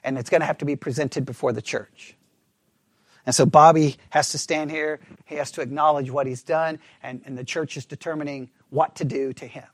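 A man delivering a sermon with emphasis, putting rhetorical questions to his listeners and sometimes dropping to a hushed, low delivery. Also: fairly even intonation, brisk, no room sound. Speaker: preacher.

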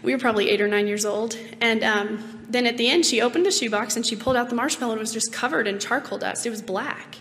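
A woman in her late twenties speaks with a hoarse, rough voice that sits a little high. She gives a reflective personal faith testimony, pausing on ums and speaking earnestly. The recording has a long, trailing reverb. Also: a bit bright. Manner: earnest and reflective, with frequent ums and light laughs. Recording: long reverb, faint background noise.

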